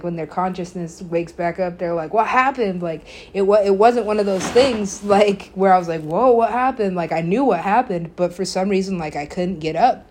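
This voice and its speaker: Rambling woman host, slightly low voice. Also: dark tone. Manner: rambling, heavy on filler words and swearing; laughs often while telling. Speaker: podcast host. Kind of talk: casual storytelling monologue.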